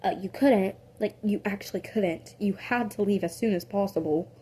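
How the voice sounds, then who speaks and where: A woman's voice: mid-range voice, normal speed, warm tone, breathy edge. A woman improvising a casual second-person story, rambling with many fillers and corrections of herself.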